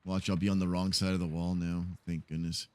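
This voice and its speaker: A man's voice: low-pitched, little pitch movement, a little fast, a little mellow, dry recording. A man streaming a roleplay game, chatting casually and animatedly to his viewers, laughing often.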